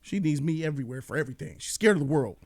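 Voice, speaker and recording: A high-pitched man tears through a comedic movie review. He talks in an animated, profane rant and jumps into voices to act out the people in his stories. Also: rapid-fire. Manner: animated, profane, acts out quotes. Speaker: host.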